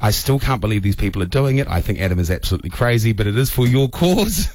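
A man hosting a radio show, chatty and openly emotional, full of quick asides. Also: fairly low pitch, lively intonation, darkish tone, no room sound. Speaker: radio host. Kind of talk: casual radio chat. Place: radio studio.

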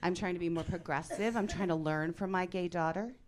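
A woman in her forties performing a stand-up comedy set on a club stage, with a deadpan, punchy delivery and sudden loud bursts. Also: lowish voice, fairly quick.

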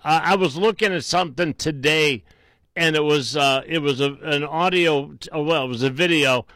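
A man's voice: a little high, moderate pace, fairly bright tone, dry recording. A man hosting a call-in radio show, chatting easily with callers and rambling through frequent restarts. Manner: easygoing, rambling with many restarts. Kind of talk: casual call-in chat.

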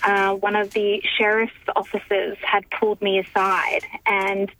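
A woman calling into a radio show, telling her story in a measured, slightly nervous way over the phone. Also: mid-range voice, little pitch movement, a bit bright. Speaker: caller. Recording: phone line with faint noise.

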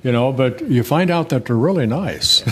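A man's voice: medium pitch, lively intonation, normal speed, fairly bright tone, husky. An older man in an interview, telling rambling, folksy stories with many restarts. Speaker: guest, former pitcher. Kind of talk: relaxed interview storytelling.

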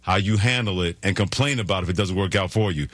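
A man's voice: deep voice, quick pace, a bit bright, no room sound. Emphatic man scolding in sports talk. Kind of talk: animated sports commentary.

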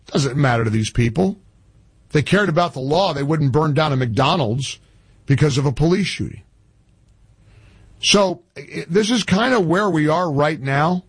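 A man's voice: a little high, expressive, moderate pace, slightly rough, no echo. A man hosting a talk radio show, giving opinionated conversational commentary in a studio.

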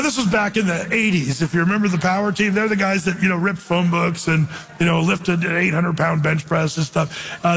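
Husky high-voiced preacher in a reverberant hall. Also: male voice, a bit bright. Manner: conversational, storytelling preacher reading scripture. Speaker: pastor. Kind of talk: sermon.

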